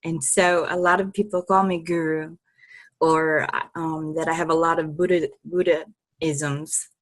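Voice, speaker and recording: A woman guest on an interview show, telling stories in a lively, laughing way and swearing freely. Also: low-pitched, a little slow. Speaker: podcast guest, healer. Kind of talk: casual interview storytelling.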